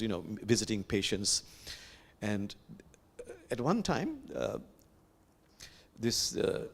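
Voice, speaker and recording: An older man with a Bangladeshi accent gives a reflective sermon in a sanctuary. He tells stories in a gentle, unhurried way, pausing often. His pitch swings widely, lifting high at moments of joy. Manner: gentle, animated storytelling with pauses and fillers. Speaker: imam.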